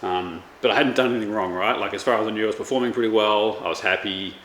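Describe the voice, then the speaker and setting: This is a chef and vlogger in his thirties, talking quickly in a lowish, steady voice with a slight brightness. His casual chat wanders, packed with fillers and false starts, and it's captured in an echoey room with a little background noise.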